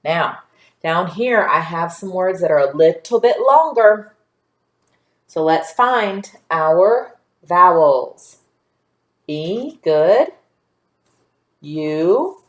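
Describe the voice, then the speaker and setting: A woman teaching a phonics lesson to young children, patient and sounding out word parts slowly. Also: fairly low pitch, expressive. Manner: slow, patient, stretching out sounds. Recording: echoey room.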